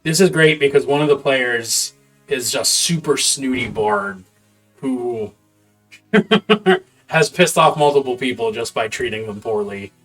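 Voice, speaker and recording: A man with a medium-pitched, fairly bright, expressive voice preps a campaign as game master on a live stream, speaking at a measured pace. He mumbles half-formed notes to himself and drops casual swears, while faint music plays behind him.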